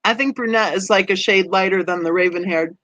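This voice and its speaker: A woman hosting a true crime channel, chatting with viewers and reading their comments, conversational and quick to laugh. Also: mid-range voice, a bit bright, dry recording, dull audio. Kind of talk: livestream chat reading comments.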